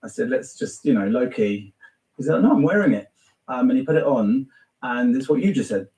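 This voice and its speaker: Hesitant, chatty interviewer in a roomy space. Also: male voice, mid-range voice, moderate pace, mellow. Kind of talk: conversational interview. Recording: roomy, distant mic.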